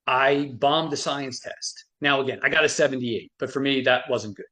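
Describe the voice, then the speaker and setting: A man's voice: medium pitch, normal speed, pushed and bright. A middle-aged man, a frequency medicine expert, telling stories animatedly with many restarts on a live stream. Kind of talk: motivational talk on a live stream.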